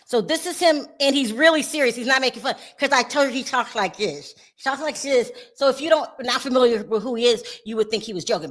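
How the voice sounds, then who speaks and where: A woman with a high voice hosts a casual gossip chat. She talks straight to her viewers, animated and quick to laugh. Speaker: show host.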